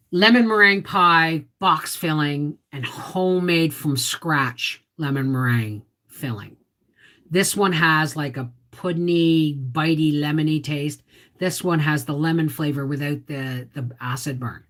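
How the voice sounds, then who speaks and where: Canadian woman, low voice, casual livestream host chatting with her viewers. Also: a bit bright. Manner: chatty, reads viewer comments aloud and answers them.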